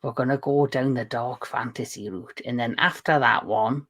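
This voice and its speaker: A man's voice: mid-range voice, steady tone, normal speed, a bit bright. A man hosting a casual movie review chat, jokey and talking with many restarts and self-corrections. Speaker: show host.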